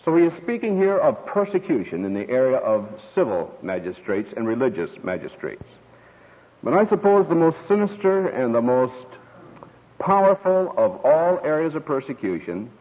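A man preaching a sermon, telling stories and acting out quoted voices as he teaches. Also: medium pitch. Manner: storytelling, expressive with quoted voices. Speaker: pastor. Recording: tinny radio broadcast with long hall reverb.

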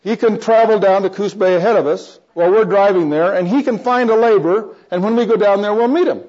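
A man's voice: high voice, fairly quick, darkish tone. An older man preaching, telling a personal testimony as a rambling storyteller with many restarts and chuckles. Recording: dull lo-fi recording.

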